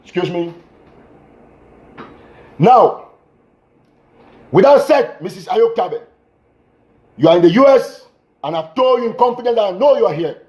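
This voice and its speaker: A man urgently addressing his audience in an impassioned livestream appeal, repeating himself and breaking into shouts, speaking into a phone. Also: high voice, expressive, a little slow, long pauses. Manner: urgent, repetitive exhortations, bursts of shouting. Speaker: political commentator.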